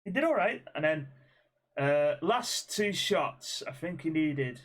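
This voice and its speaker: A man's voice: fairly high pitch, animated, slow, a bit bright. A young man co-hosting a podcast, swearing freely and acting out quotes in his stories. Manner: swearing storyteller, acts out quotes with laughs. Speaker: podcast co-host. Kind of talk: casual chat.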